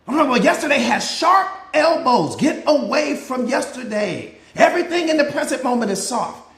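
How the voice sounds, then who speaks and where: Male motivational coach, very high pitch, preacher cadence, roomy echoey sound. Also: sing-song, normal speed, a bit bright. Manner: preacher-like, repetitive rhetorical questions and answers. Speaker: mindset coach. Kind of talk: live motivational talk.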